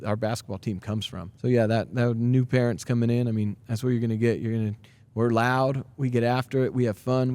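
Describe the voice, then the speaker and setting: A basketball coach in his thirties answers interview questions with earnest energy, restarting sentences and leaning on fillers. His voice is mellow and warm, sitting at an ordinary pitch for a man. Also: no room sound. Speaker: high school basketball coach. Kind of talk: podcast interview.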